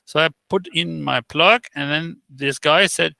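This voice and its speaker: Gravelly, bright-voiced man telling stories. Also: fairly high pitch, no room sound. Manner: halting, with many fillers and restarts; animated storyteller who acts out quoted exchanges. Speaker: interview guest. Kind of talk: casual interview chat.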